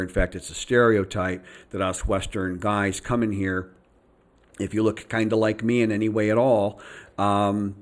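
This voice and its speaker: An older man rambles casually to his viewers in a low voice. His talk is loose and chatty, full of fillers, restarts and asides. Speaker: vlogger. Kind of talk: casual rambling vlog monologue. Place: his home in Thailand.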